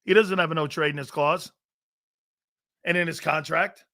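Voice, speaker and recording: A middle-aged man hosting a live sports talk show, reading chat messages aloud, laughing often and arguing back loudly. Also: a little high, normal speed. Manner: loud, excitable, laughs often, argues with chat.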